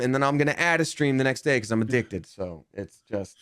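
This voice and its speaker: A young adult man, a voice actor and guest, chatting casually in an interview and telling stories animatedly, swinging his pitch up when he jumps into quotes. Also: lively intonation, brisk, a bit bright, clear, resonant tone, no room sound, clean studio sound.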